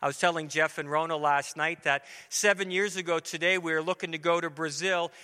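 A middle-aged male preacher with a somewhat high, bright, forceful voice, speaking earnestly and conversationally from the pulpit. His sermon rings through a church sanctuary with a long, lingering echo. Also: steady tone, a little fast, clean tone. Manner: earnest, conversational, acts out dialogue. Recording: long reverberant hall.

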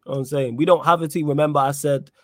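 A man's voice: a little high, steady tone, racing, a bit bright, dry recording. A man hosting a casual football podcast, talking in an emphatic, opinionated way and repeating his points. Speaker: podcast host. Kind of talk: casual football chat with live chat readout.

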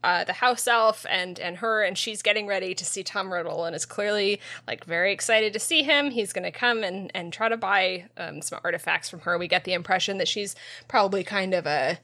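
Halting woman recapping a book chapter. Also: mid-range voice, pushed and bright. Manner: halting, many ums and restarts. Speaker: podcast co-host. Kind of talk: casual podcast chat, chapter recap.

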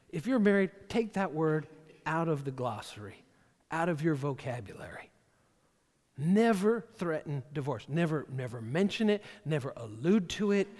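A man delivers a sermon as a pastor, speaking plainly and conversationally and doubling up words as he begins his thoughts. His voice sits a little on the high side for a man. The sound carries the long reverb of a large church hall. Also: darkish tone. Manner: conversational, repeats words at the start of phrases.

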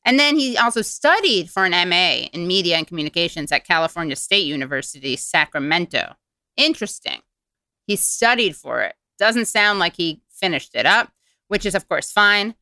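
Woman, podcast host, bright voice, low-pitched, sardonic, dry studio sound. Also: moderate pace, no room sound. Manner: animated, sardonic, asks questions. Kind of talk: casual chat and reading aloud.

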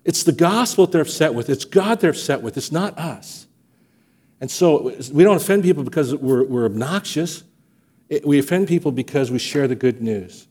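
A man preaching a sermon as pastor of a church, telling stories and acting out quotes with lively energy. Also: on the high side, moderate pace, husky. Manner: animated storytelling, acts out quotes. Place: church sanctuary.

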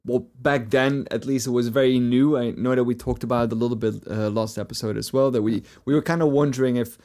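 A man's voice: mid-range voice, fairly even intonation, fast talker, darkish tone. A man co-hosting a podcast, talking through a game at length in a rambling, hedging way with many fillers. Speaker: podcast co-host. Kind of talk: casual podcast chat.

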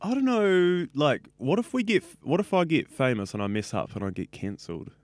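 A man's voice: fairly high pitch, sing-song, a little fast, no room sound. A 21-year-old man with a New Zealand accent, a radio student chatting casually in an interview, rambling and full of fillers. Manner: chatty, rambling, says like a lot.

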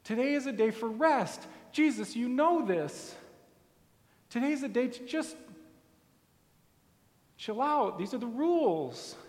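Brief: indignant synagogue leader, high and scolding, long hall reverb, a preacher putting him on. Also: male voice, animated, measured pace, long pauses, darkish tone. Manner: exasperated, scolding. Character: indignant male synagogue leader, rule-bound.

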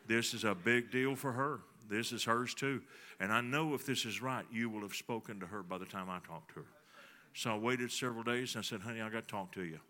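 A middle-aged man preaching a sermon, telling a folksy personal story that swings between soft, confiding passages and emphatic ones. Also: mid-range voice, fairly quick. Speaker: pastor.

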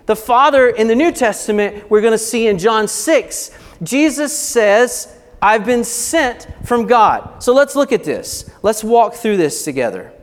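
A man preaching a teaching sermon. He explains step by step, checks in with his listeners by asking "okay?", and acts out quick little voices. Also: high-pitched, animated. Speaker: pastor. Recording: long hall reverb.

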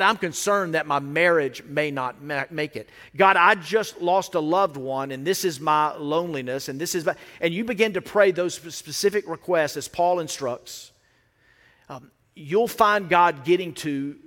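Male pastor, sermon delivery, a touch high-voiced, chatty with joking asides, reverberant church hall. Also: a bit bright. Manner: conversational, with playful asides and acted-out quotes. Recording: echoey hall with long reverb.

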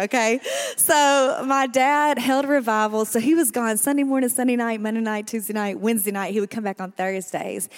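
A woman in her thirties from Arkansas with a Southern accent, sharing her church testimony and praying in an emphatic, crowd-addressing way. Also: a little high. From Arkansas, USA. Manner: warm, emphatic, talks to the crowd as y'all. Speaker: guest speaker sharing testimony.

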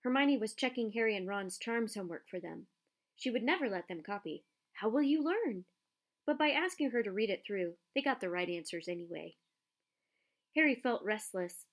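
A woman narrating a children's storybook in a measured, expressive reading. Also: medium pitch. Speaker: audiobook narrator.

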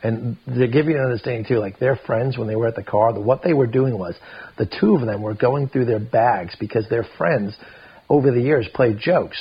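A man, a podcast guest, tells a story casually, full of "like" and quick asides. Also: husky, highs cut off. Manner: animated, lots of filler "like", jumps into high voices for quotes.

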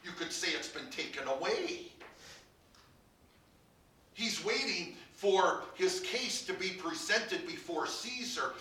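A man preaching a sermon as pastor, building to emphatic peaks and dropping to quiet, low lines. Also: lively intonation, slow pace, distant mic. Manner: preaching with rising emphasis and soft drops. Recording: roomy, from off the mic.

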